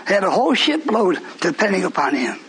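A man preaching a sermon as pastor, shouting and scolding, then joking with the congregation. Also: high voice, very animated, fast, a crowd in the background, poor audio. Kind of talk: fiery preaching.

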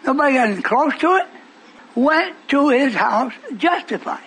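A man preaching a sermon in a church, fervent, breaking into shouts and teasing the congregation. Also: extremely high pitch, expressive, normal speed, rough recording.

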